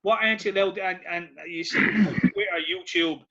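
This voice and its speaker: A man's voice: high-pitched, fairly even intonation, moderate pace, pushed and bright. A man co-hosting a podcast, talking bluntly and with swearing. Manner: blunt, sweary, agreeing asides. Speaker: podcast co-host. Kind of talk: casual podcast chat. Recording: dull lo-fi podcast audio.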